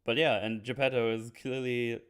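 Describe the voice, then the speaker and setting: Laughing man chatting about a film. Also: lowish voice. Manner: laughing often, acts out characters in quick voices. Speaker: podcast host. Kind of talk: casual film review chat.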